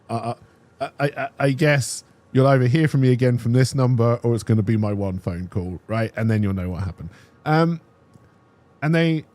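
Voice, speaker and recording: A young man telling a casual personal story as a streamer, animated and restarting his sentences, checking in with "right?". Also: medium pitch, moderate pace, long pauses.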